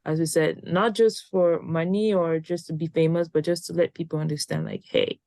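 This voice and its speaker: A woman's voice: fairly low pitch, steady tone, brisk, dark tone, no echo. A young woman in her twenties co-hosting a casual podcast, a little tired and rambling, with frequent restarts. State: tired, yawning. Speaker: podcast co-host.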